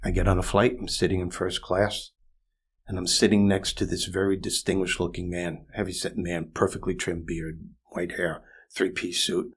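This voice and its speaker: A man in his sixties, a comedian and motivational speaker, telling a story as a guest in a podcast interview, animated and building to louder, faster peaks. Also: deep voice, husky.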